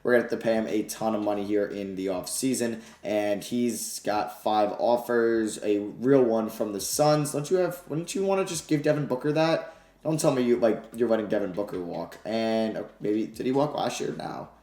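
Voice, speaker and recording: A man giving casual commentary over his own video game playthrough, excited and shouting at big wins, low and grumbling at losses. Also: normal speed, roomy sound. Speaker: gaming YouTuber.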